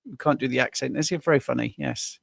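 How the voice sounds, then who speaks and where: A man's voice: mid-range voice, fairly quick, creaky, no room sound, clean studio sound. A man chatting as a guest on a live stream, joking and laughing often. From England. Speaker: guest coach. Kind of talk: casual live-stream chat.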